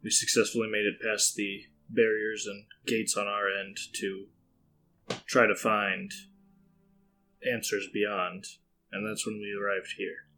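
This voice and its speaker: A man's voice: fairly low pitch, little pitch movement, unhurried, sharp tone, soft background music. A man playing a tabletop game, asking polite, inquisitive questions. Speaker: player.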